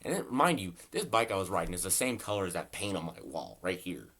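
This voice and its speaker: A young man rambles through a casual storytime vlog from his bedroom at home, swearing a lot and saying "like" and "bro" constantly. His low voice is sing-song, quick, sharp and slightly rough.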